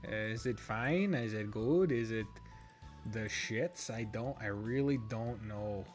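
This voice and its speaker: A man's voice: slow pace, faint music behind. A man streaming a strategy game, rambling in casual commentary, swearing freely and joking at his own expense. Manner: lowers voice at times so a roommate's call isn't disturbed.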